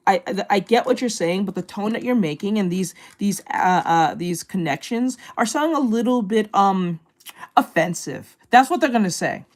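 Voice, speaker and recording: A woman's voice: medium pitch, lively intonation, normal speed, a little mellow. A woman hosting a reaction video speaks in casual commentary. She is blunt and swears freely. She rambles with frequent restarts. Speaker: reaction channel host.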